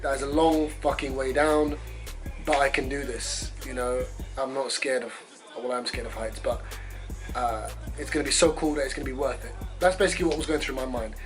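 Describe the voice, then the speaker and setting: A man vlogger telling a story to camera in a casual, animated, profane and self-mocking way. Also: mid-range voice, brisk, faint music behind. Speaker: travel vlogger.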